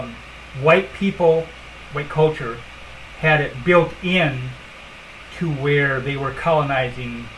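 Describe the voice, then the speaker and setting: Her voice is low and a touch bright as she runs a laid-back livestream at her computer, blunt and forceful, full of filler words and tangents. The audio is poor, carrying a faint hiss or hum.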